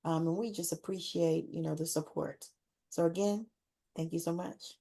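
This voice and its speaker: Closing out a relaxed interview, a podcast host gushes, laughs often and repeats words to stress them. Her low voice is dark with vocal fry, fairly even in intonation, at a moderate pace.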